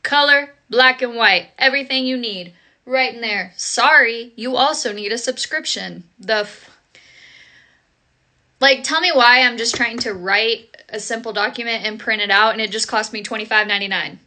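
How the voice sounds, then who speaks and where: A woman with a very bright, sharp voice, pitched fairly high, rants in a vlog. She sounds sarcastic and exasperated, throwing out incredulous questions. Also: normal speed. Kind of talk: ranting vlog.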